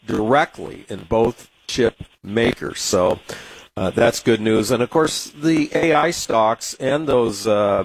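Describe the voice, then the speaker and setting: A man's voice: lowish voice, gravelly, slight background noise, rough recording. A man from Southern California with a San Diego accent, hosting a radio talk show and chatting about markets in a rambling way, full of fillers. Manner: rambling, many fillers and restarts. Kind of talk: casual market commentary.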